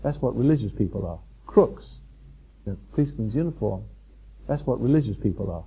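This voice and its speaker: This seminar speaker has a husky, medium-pitched voice, animated and a little fast. Giving a spiritual talk to a live crowd in a hotel function room, he wanders, repeats himself, and chuckles while teasing people, all on a muffled lo-fi 1990s recording.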